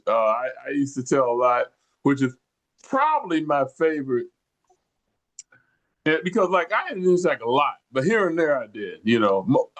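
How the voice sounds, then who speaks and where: Older man rambling through a story. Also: mid-range voice. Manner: rambling storyteller, many restarts, acts out quoted voices. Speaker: podcast co-host. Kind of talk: casual storytelling chat.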